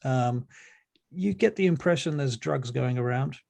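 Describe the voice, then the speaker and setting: Gravelly, husky-voiced male game master. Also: mid-range voice, a little slow. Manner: relaxed, full of ums and uhs. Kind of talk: narrating a tabletop role-playing game.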